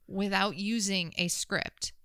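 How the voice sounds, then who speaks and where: A woman's voice: mid-range voice, fairly even intonation, takes it slowly, sharp tone, smooth, no echo, studio quality. A woman co-hosting a podcast in casual chat, reflecting on her own experience in a chatty way. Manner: reflective, storytelling, chatty with fillers. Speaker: podcast co-host, experienced real estate agent.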